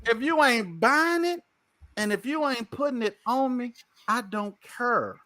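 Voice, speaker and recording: Bright, animated male podcast host. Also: very high-pitched, unhurried, dry recording, rough recording. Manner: joking, boastful, laughs often. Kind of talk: casual banter.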